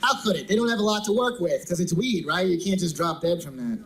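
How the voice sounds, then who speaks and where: A man's voice: high-pitched, quick pace, vocal fry, fairly bright tone, a little hiss or hum, low-quality recording. A man doing a stand-up comedy routine in a conversational way, asking the crowd questions.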